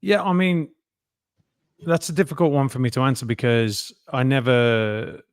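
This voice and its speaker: A man's voice: mid-range voice, expressive, normal speed, clean tone, no room sound, clean studio sound. A man in his fifties with an English Midlands accent, a guest talking candidly and self-deprecatingly in a casual interview. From England, near Birmingham. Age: 50s. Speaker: guest, actor.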